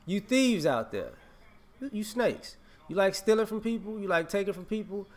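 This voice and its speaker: Guy ranting on his vlog, scolding, repeats himself a lot, voice a bit high. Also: sing-song, moderate pace. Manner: emphatic, repetitive, scolding with laughs. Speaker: vlogger. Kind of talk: casual opinion rant to camera.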